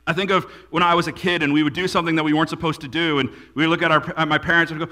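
A man preaching a sermon as a pastor, building to emphatic peaks and dropping to quiet lines. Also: on the high side, flat delivery, racing, hardly any pauses.

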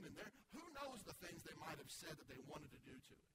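A man with a slightly high voice preaches a sermon, retelling a Bible story in a loose, casual way. He acts out the lines in everyday slang. Loud noise runs behind his voice. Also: big pitch swings, quick pace, hardly any pauses. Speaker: pastor. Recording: heavy background noise.

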